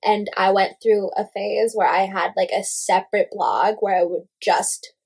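A young woman in casual gossip chat, animated and full of "like" fillers, swearing freely. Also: medium pitch, unhurried, vocal fry, slightly rough.

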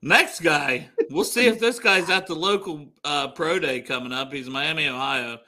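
A man's voice: fairly high pitch, moderate pace, bright, forceful tone. A man co-hosting a sports podcast in casual chat, teasing and skeptical. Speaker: podcast co-host.

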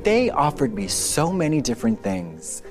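A young man in drag tells playful stories in a comedy chat, his pitch swinging widely. He sits at a middle pitch with a little music underneath. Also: wildly swooping pitch, normal speed. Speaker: co-host.

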